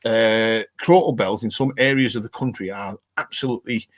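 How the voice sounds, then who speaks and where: A man's voice: lowish voice, normal speed. A man with a northern English accent hosting a casual live stream, reading out viewer comments and chatting in a rambling way with lots of fillers. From northern England.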